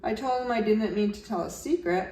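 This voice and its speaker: Franklin, a woman doing an earnest young turtle boy. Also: a little fast. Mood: sad. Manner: pleading, higher and brighter than the narration. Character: young male turtle, eager, earnest, worried. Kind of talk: children's storybook read-aloud. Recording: roomy echo, slightly distant mic, faint background noise.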